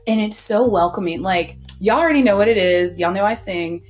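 A woman's voice: medium pitch, brisk. A young woman talking as a podcast guest in a casual chat, telling stories animatedly with lots of "like" and frequent laughter. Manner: animated storyteller, heavy use of "like", laughs often.

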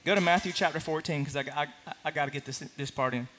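A man preaching a sermon to a congregation, impassioned, swinging from hushed to loud. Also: on the high side, quick pace, soft background music. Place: large room with a congregation.

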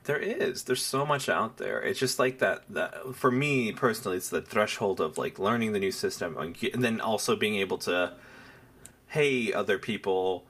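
A woman's voice: a bass voice, lively intonation, moderate pace, hardly any pauses, fairly bright tone, breathy edge. A woman in casual podcast chat, giggly and rambling.

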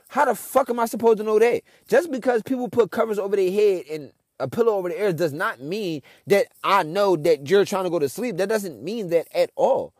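Young Philly guy as podcast host, venting in an exasperated rant, high-pitched and dry. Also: animated, moderate pace, a little mellow, no room sound. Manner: frustrated, ranting, heavy cursing. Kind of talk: casual monologue.

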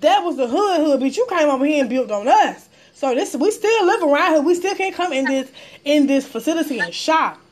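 A woman from the Atlanta area, talking bluntly and profanely in casual conversation, animated as she tells stories. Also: sits high, a little fast.

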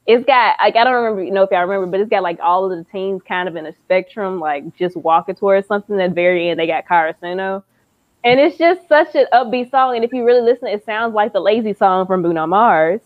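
A woman's voice: mid-range voice, fast, dry recording. A woman co-hosting a podcast, chatting loosely and casually with some swearing. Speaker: podcast co-host. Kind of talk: casual chat. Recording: dull lo-fi recording.

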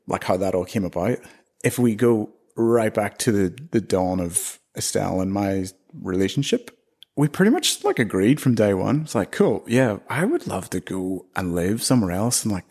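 A man's voice: lowish voice, gravelly, darkish tone, slightly rough. A man in his thirties from Northern Ireland with a Northern Irish accent, chatting casually as an interview guest and laughing often.

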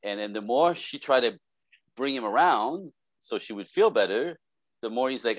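Man, relationship expert guest, animated storyteller, acts out the quotes, very lively pitch, dry close sound. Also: normal speed, no room sound. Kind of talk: casual podcast conversation.

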